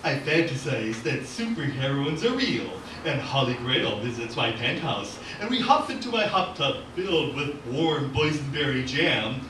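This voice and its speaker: A man voicing a smug, lecherous fanboy hero in a loud, exaggerated way, read aloud at an open mic. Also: medium pitch, very animated, moderate pace, hardly any pauses, noisy background, lightly acted. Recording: echoey gallery from far off.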